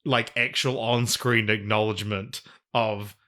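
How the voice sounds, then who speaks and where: Male podcast co-host, low-ish bright voice, rambling anecdotal chat. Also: level tone. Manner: rambling, quick anecdotes with many restarts. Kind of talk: casual film review chat.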